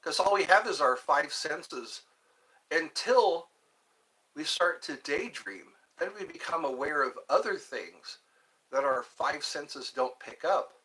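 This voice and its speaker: A man hosting a live stream alone, musing slowly and meandering while he answers viewer chat. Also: on the high side, animated, bright, forceful tone. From United States.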